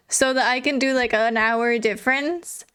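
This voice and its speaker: Slow-talking, smooth-voiced young woman streamer. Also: high voice, a bit bright. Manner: chatty, swears casually, laughs often. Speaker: livestreamer. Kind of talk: casual chat reading viewer messages.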